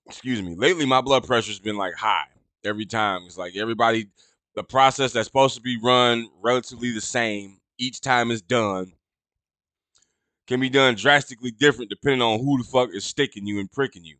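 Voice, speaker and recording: Profane ranting man, bright and dry. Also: fairly quick, dry recording. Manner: profane, rambling, gets loud and high when indignant. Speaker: podcast host. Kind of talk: casual storytelling rant.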